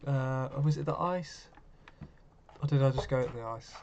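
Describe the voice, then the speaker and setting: A man's voice: mid-range voice, normal speed, darkish tone, lo-fi sound, slight background noise. A man hosting a live stream, chatting casually and answering viewers' comments as he goes.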